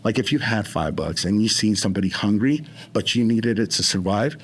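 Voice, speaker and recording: A man's voice: lowish voice, expressive, brisk, hardly any pauses, slight background noise. A man speaking as a podcast guest, rambling with many restarts as he tells his story. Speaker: interview guest in recovery. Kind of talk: casual conversation.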